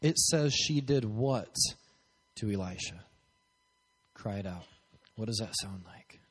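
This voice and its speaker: A man's voice: on the low side, animated, takes it slowly, breathy edge. Man, pastor, sermon, asks crowd questions, long hall echo. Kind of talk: sermon with prayer. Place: church hall, at a podium.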